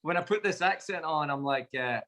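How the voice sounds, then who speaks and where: A man's voice: fairly high pitch, lively intonation, brisk, bright, forceful tone. A man, a guest chatting casually and joking at his own expense on a video call.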